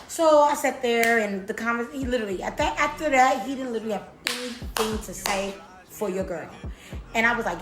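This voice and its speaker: A storytime vlogger, this young woman has a mid-range, fairly bright voice. She tells viewers her story casually, using slang and profanity and repeating herself often, against a roomy echo and faint music.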